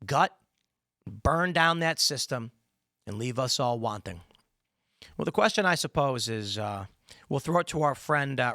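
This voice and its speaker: Bright, punchy male political commentator. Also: medium pitch, animated, moderate pace, dry recording, studio quality. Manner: emphatic, rambling, sarcastic asides.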